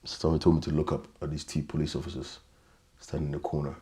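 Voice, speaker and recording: A man in his thirties with an extremely deep, low voice. He tells a painful personal story in an interview, halting, repeating words, and often dropping to a quiet, subdued tone. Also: completely flat delivery, husky. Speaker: interview guest.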